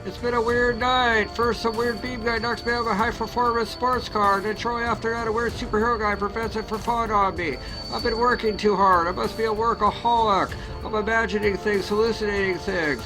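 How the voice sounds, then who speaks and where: A man's voice: sits high, steady tone, fairly quick, few pauses, poor audio. A man voicing a flustered middle-aged merchant who rambles and exclaims in an amateur superhero movie. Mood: rattled. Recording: loud music behind.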